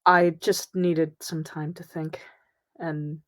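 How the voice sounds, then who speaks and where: Soft, hesitant woman player; lower voice. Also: little pitch movement, slow pace. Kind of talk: tabletop role-play.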